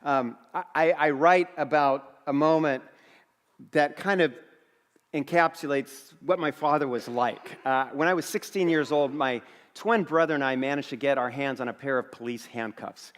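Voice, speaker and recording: A middle-aged man preaching a sermon as a pastor, telling a story with humor and lively restarts. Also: fairly high pitch, normal speed. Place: large church auditorium. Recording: long reverb of a church hall.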